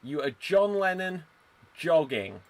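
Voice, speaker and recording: A man's voice: a little high, sing-song, takes it slowly. A man hosting a live improv show over a video call, playful and teasing, often laughing as he hands out prompts. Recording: loud background noise on a call.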